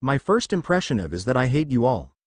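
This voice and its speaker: A man's voice: medium pitch, big pitch swings, a little fast, no echo. A man voicing an aloof, offhand adult male ninja teacher in a read-aloud fan story.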